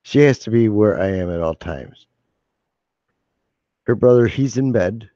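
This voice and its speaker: A man's voice: fairly low pitch, lively intonation, unhurried, dark tone, dry recording. A man hosting a casual late-night livestream from home, rambling, joking and laughing often. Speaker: livestream host. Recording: dull dry home mic.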